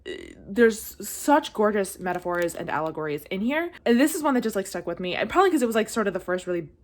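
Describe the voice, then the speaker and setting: A woman's voice: mid-range voice, very animated, fast talker. A woman reviewing books in a casual vlog, chatty and gushing, with lots of "like" fillers, getting emotional to the point of near tears. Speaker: book reviewer. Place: at home, leaning on a blanket.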